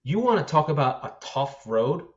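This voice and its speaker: A man's voice: a little high, big pitch swings, normal speed, dull audio. A man co-hosting a football podcast, talking casually and animatedly, swearing and laughing often. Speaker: podcast co-host.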